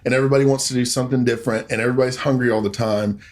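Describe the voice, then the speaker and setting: A man's voice: medium pitch, steady tone, very fast. A man co-hosting a casual podcast, telling stories with joking asides. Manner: easygoing storyteller, joking asides. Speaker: podcast co-host. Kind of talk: casual chat.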